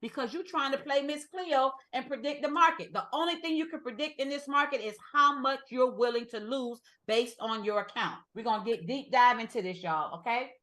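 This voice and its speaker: A woman runs a lively trading class, her voice sitting a little high. She hammers each point home, repeating lines and calling out to the room. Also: a little fast, few pauses. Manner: emphatic, repeats points, addresses the group as y'all. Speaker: trading instructor. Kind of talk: energetic classroom teaching.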